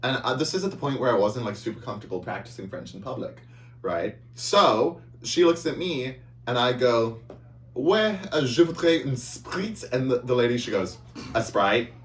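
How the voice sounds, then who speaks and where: A man co-hosting a casual podcast chat, telling stories in an animated, playful way with crude jokes. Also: mid-range voice, moderate pace. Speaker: podcast co-host. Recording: echoey room from a distance, faint hum.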